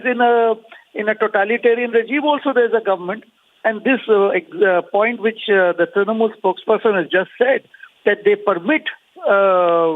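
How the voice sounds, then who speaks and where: A man with an Indian accent, an opposition politician firing combative rhetorical questions in a news debate. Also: sits high. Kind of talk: heated phone-in debate. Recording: tinny phone line.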